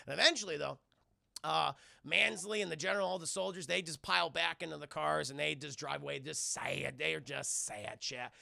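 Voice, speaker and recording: A man's voice: fairly high pitch, fairly quick, vocal fry, no echo. A man streaming a casual, profane scene-by-scene film recap to his live chat, acting out the scenes. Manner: animated, swearing, acting out scenes.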